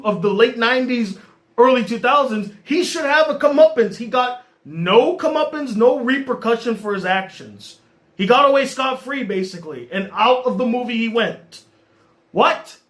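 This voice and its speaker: A man reviewing a movie in an exasperated, animated rant. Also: high voice. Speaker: movie critic.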